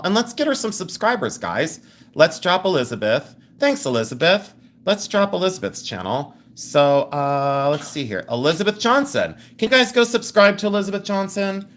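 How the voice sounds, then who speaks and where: A man hosting a live jewelry sale, chatting, teasing and laughing as he shows rings. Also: a little high. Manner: animated, giggly, teasing. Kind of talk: live-stream sales chat.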